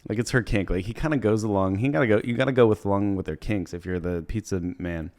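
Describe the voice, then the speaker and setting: A young man with a lowish voice rambles through a comedic movie recap, swearing freely. He laughs at his own retelling and keeps popping into quick impressions of the characters. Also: a little mellow. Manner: rambling, profane, laughs while retelling scenes and puts on brief character voices. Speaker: comedy podcast host.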